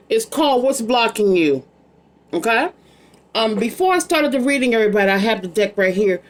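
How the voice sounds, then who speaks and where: A woman's voice: fairly high pitch, expressive, moderate pace. Chatty woman doing a psychic card reading. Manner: chatty, rambling, affectionate asides to her child. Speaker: psychic tarot reader. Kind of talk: casual live card-reading vlog.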